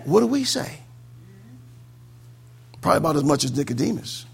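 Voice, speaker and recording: A man preaching a sermon, fervent and prone to saying amen, swinging between loud exclamations and quiet asides. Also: on the high side, sing-song, normal speed, vocal fry, long pauses, breathy edge.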